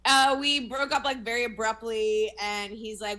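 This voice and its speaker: A woman's voice: on the high side, fairly even intonation, measured pace, hardly any pauses, pushed and bright. A young woman comedian, a guest on a video call, telling a personal story frankly with self-mocking asides. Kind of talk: candid interview storytelling.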